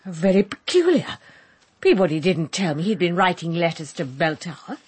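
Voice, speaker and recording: A woman's voice: fairly low pitch, lively intonation, moderate pace, breathy edge. A woman playing a prim, sentimental schoolmistress in a comic radio play. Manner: prim, fluttery, indignant.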